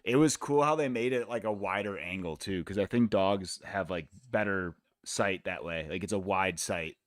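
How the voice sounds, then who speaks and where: A man's voice: sits low, moderate pace, no echo, studio quality. A man from the United States hosting a live fight watch-along stream, talking in a laid-back, rambling, profane way. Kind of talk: casual chat.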